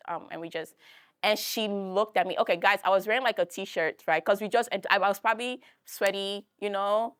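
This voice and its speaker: A young woman with a Philadelphia accent telling a personal story in a talk, animated and full of fillers, acting out the voices she quotes. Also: mid-range voice, fairly quick, smooth, no room sound. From United States. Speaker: guest speaker.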